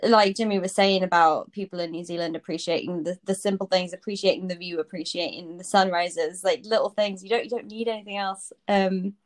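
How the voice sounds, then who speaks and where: A woman's voice: on the low side, fairly even intonation, brisk, few pauses. Chatty young woman laughing often. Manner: chatty, frequent fillers and laughs. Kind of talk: casual chat.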